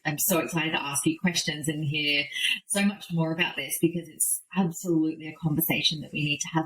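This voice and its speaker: A woman's voice: sits low, a bit bright, slight background noise, rough recording. A woman in her thirties hosting a podcast, chatting candidly in a casual interview with lots of restarts and "like". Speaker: podcast host.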